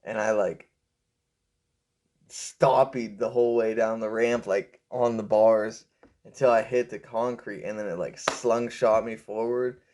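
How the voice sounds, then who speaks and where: A young man rambling through a personal story with lots of fillers, raising his pitch when he quotes people. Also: steady tone, a little slow, darkish tone. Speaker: vlogger telling a story. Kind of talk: casual storytelling.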